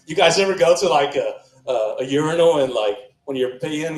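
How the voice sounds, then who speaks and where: A man's voice: on the high side, lively intonation, normal speed, darkish tone. A man doing a crude, rambling stand-up set at an open mic, often breaking off mid-sentence. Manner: rambling, crude, self-interrupting. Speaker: stand-up comedian. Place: comedy club stage. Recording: echoey club room.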